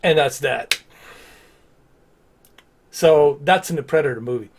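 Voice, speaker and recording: A man's voice: on the high side, unhurried, background noise. A man chatting casually on a live game stream, rambling with lots of fillers and restarts.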